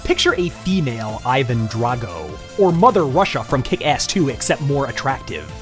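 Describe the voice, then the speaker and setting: A woman's voice: extremely low pitch, very animated, moderate pace, faint music behind. A woman reviewing a cartoon with sarcastic, ranting commentary and mock outrage.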